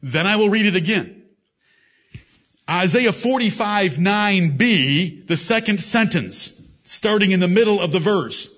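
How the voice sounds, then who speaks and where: A high-pitched man preaching a sermon to an assembly that answers him. He reads old scripture with weighty, emphatic stress and slows right down on key phrases. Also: expressive, fairly bright tone. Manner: emphatic King James scripture reading. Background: congregation responses.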